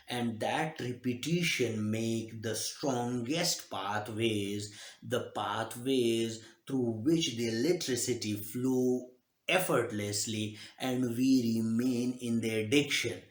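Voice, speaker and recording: Slow, halting man in an echoey room. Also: mid-range voice. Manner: slow, halting delivery with many fillers and restarts. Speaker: self-help speaker. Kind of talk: live motivational talk.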